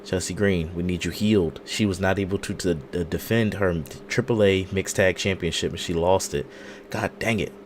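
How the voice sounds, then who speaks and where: A man's voice: low voice, steady tone, normal speed, slight background noise. A man co-hosting a podcast, running through the news with dry jokes. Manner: dry, joking news rundown. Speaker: podcast co-host. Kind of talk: casual chat.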